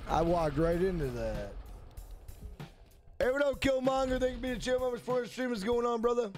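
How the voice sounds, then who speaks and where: An excitable man streaming a game, cursing loudly at what happens on screen and joking with his chat in a high, animated voice that swings up and down. Game music keeps playing behind him. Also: brisk. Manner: excitable, profane, loud outbursts; banters with chat and greets viewers. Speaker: gaming streamer. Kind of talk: live gameplay stream commentary.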